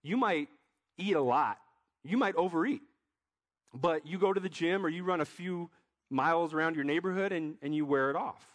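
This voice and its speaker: Man, pastor, casual joking sermon, slightly high voice. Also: a little fast. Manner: conversational, joking, many restarts.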